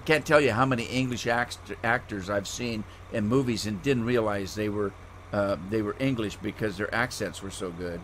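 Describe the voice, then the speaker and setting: Speaking at normal speed in a voice on the low side, this middle-aged US streamer plays a farming game and chats with viewers by name. The tone is a bit bright and the talk rambling and easygoing, with a little hiss or hum in the recording.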